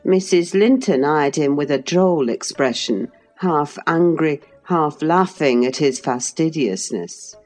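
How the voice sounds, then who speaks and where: A woman narrating a classic novel as an audiobook, measured and expressive. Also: low-pitched, soft background music. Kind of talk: classic novel read aloud.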